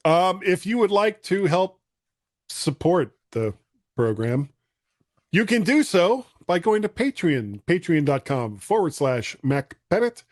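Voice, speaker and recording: A man's voice: high-pitched, big pitch swings, measured pace, no echo. A man co-hosting a podcast in casual chat, joking around and laughing easily. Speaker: podcast co-host.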